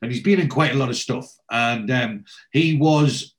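List: man, podcast host, chatty, storytelling, casual, average pitch. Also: moderate pace. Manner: chatty, storytelling, acts out scenes. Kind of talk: casual episode recap.

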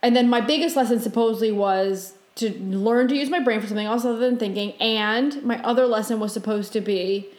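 A woman co-hosting a podcast, telling a dream story in casual chat and acting out her own panicked lines. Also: echoey room. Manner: animated retelling, voices her own panicked quotes high and fast. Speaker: podcast co-host.

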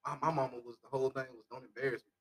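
A man's voice: mid-range voice, steady tone, rapid-fire. A man in casual chat, laid-back and often checking in with "you know what I'm saying".

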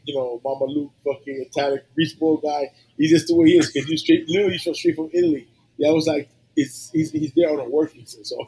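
A middle-aged man with a deeply husky, grainy voice, pitched a bit high for a man. He tells stories casually in a podcast chat, swearing freely and wandering through fillers. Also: mellow, poor audio. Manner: loose, profane, rambling with many fillers. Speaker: guest HVAC technician.

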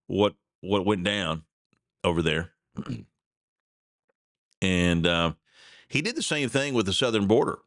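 Brief: low-pitched male talk-show host, loose rambling delivery, dry close mic. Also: a bit bright, no echo. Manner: rambling, repeats himself, laughs at the news. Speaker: podcast host. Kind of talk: casual solo commentary.

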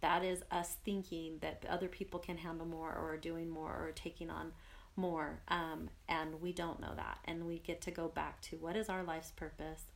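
Podcast co-host: young woman, lower-pitched, earnest and reflective, casual chat. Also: flat delivery, normal speed, vocal fry. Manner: earnest, reflective, speaks of spirit and purpose.

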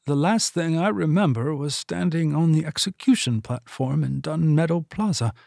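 A man's voice: fairly high pitch, vocal fry, a little mellow, dry recording, studio quality. Man voicing a stern older woman leader. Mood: commanding. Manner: stern, imperious, measured. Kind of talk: audiobook character voice.

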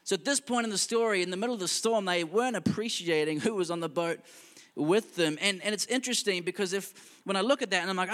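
A man preaching a sermon in a relaxed, conversational way, mixing humorous asides with earnest points. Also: sits high, fast talker, long reverb tail. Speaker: pastor.

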